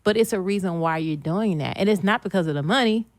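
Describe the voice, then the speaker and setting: A woman's voice: medium pitch, fast talker, no room sound. A middle-aged woman, a guest on a podcast, talking about hard work in an earnest, motivational way and repeating her key phrases. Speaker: guest, dietitian and author. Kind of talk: casual interview chat.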